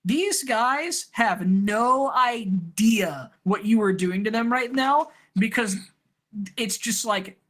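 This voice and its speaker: A man narrating a tabletop game as game master, rambling and animated, often breaking into laughs. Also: high voice, takes it slowly.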